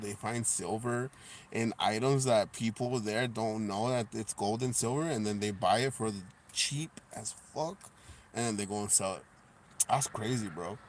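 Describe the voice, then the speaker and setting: A man chatting casually on a live stream, laid-back and profane, reading viewer comments aloud and laughing loudly. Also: medium pitch, slight background noise.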